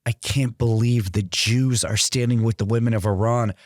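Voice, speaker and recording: A man voicing an angry middle-aged woman shouting down the phone, in a raised, shrill voice. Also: steady tone, moderate pace, no room sound, clean studio sound, lightly acted. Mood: stunned.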